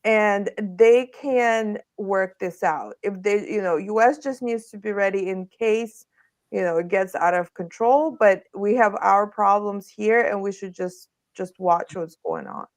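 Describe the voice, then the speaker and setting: A woman guest on a political panel, speaking in a measured, halting way with frequent restarts. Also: mid-range voice. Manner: hesitant, restarting sentences, slow and measured. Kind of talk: casual political panel talk.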